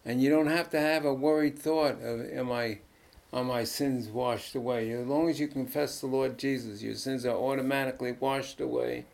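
An older man, a pastor, telling a folksy faith story on a Christian talk show, halting and restarting as he goes. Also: medium pitch, steady tone, creaky, a little mellow.

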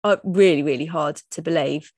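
A woman's voice: low voice, normal speed, darkish tone, dry recording, studio quality. A woman in her thirties hosting her own podcast, talking openly and personally with frequent restarts. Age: 30s. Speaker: podcast host. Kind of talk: solo podcast monologue.

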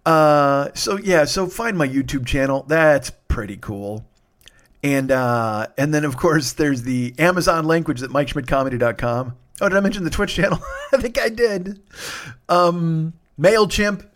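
A man's voice: on the high side, unhurried, fairly bright tone. A man hosting a solo comedy podcast, tired and sniffly, rambling and swearing with self-mocking humor.

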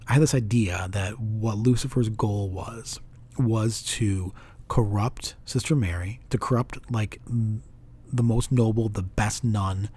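A man casually reviewing a film in a rambling monologue, full of restarts and animated retelling. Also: mid-range voice, slightly rough.

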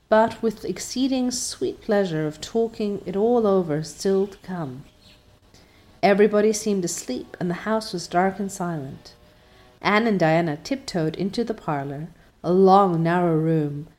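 A woman narrating a classic storybook in a measured, expressive way. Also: on the low side. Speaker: audiobook narrator.

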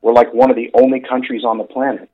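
A man's voice: mid-range voice, level tone, fast, phone-quality sound. A man co-hosting a casual chat show, talking in a rambling way with lots of fillers. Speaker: podcast co-host.

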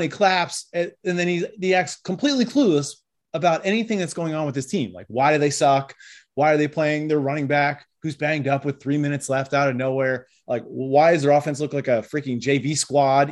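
Animated, joking podcast co-host man. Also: a little high, a little fast. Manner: animated, jokey, acts out quoted voices. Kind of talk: casual sports chat.

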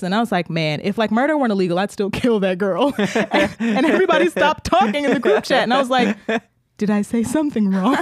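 A woman co-hosting a podcast, with a voice of middle height. She tells her stories in a lively way, putting on the voices of the people in them and laughing as she goes. The sound is dry and close. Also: mid-range voice, no echo. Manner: animated storyteller, acts out quoted voices, laughs often. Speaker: podcast co-host. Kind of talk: casual chat.

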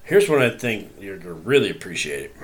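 A man's voice: sits low, a little fast. Man hosting a casual podcast. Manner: animated storyteller, acts out screams. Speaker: podcast host. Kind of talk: casual chat, reading stories aloud.

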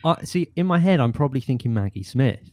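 A man, a guest actor chatting casually, animated and often laughing. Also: medium pitch, fast, dry recording. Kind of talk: casual chat.

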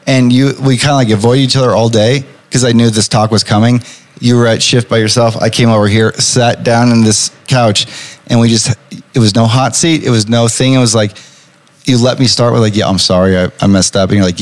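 A man's voice: mid-range voice, steady tone, moderate pace. A man talking casually on a podcast as an employee, reflective and telling his story with lots of "like" fillers.

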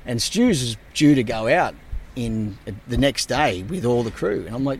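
A man, a guest telling surf stories in casual, animated talk full of swearing. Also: medium pitch, moderate pace, slight background noise. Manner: animated, swears a lot, relives moments with voices. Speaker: guest surfer. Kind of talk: casual storytelling.

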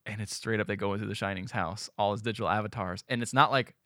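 A young man co-hosting a podcast, retelling a movie plot in a casual, animated way, acting out the characters' lines and swearing freely. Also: on the low side, fast, dry recording, studio quality. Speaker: podcast co-host.

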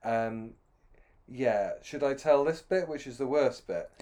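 A man's voice: mid-range voice, a little slow, mellow. A middle-aged man telling a long, self-deprecating anecdote with many restarts. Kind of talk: anecdotal storytelling.

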